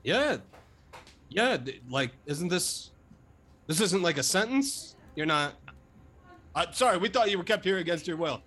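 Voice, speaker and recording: A man playing a tabletop role-playing game, answering in character in a deadpan, hesitant way. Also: high-pitched, measured pace, long pauses, husky. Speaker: player. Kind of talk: casual tabletop role-play.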